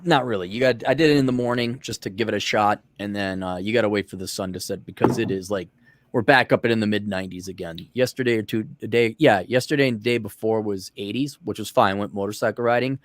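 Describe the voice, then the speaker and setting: A fast-talking man with a lowish voice co-hosts a casual podcast. He tells stories in a profane, ranting style, acting out the people he quotes.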